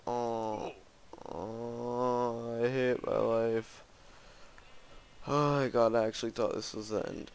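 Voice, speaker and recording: A man with a medium-pitched, gravelly voice shows little pitch movement, speaking slowly with frequent pauses in a clear, resonant tone. Playing a custom game map, he gives casual let's-play commentary full of gasps and exclamations, often mocking himself.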